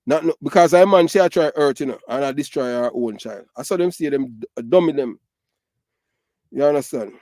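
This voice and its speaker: Fairly quick and dark-toned, this mid-range male voice belongs to a middle-aged Jamaican man speaking with a Patois accent. He gives casual ranting commentary that's emphatic, repetitive and full of fillers, recorded dry with clean studio sound.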